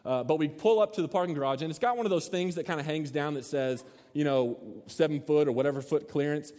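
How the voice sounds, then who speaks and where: A man's voice: a little high, fast talker. A man preaching, telling a funny story and acting out the voices, in a large hall. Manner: storytelling, animated, acts out shouts. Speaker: pastor. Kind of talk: sermon with a story. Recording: long hall reverb.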